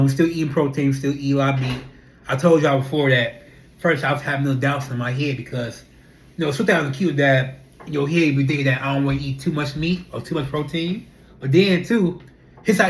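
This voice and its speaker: A young adult speaker, chatting straight to camera. The talk is loose and animated, looping through rhetorical questions and repeated fillers. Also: medium pitch, a little fast. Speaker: vlogger. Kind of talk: casual talking-to-camera monologue.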